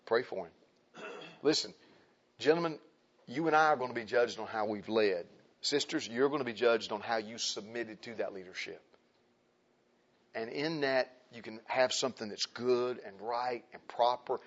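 A man's voice: medium pitch, lo-fi sound. A male preacher delivering an emphatic sermon, repeating phrases and turning to speak to the men and then the women of the congregation.

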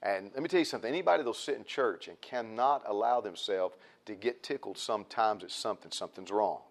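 A man preaching a sermon in a folksy, repetitive way, building emphasis. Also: lowish voice.

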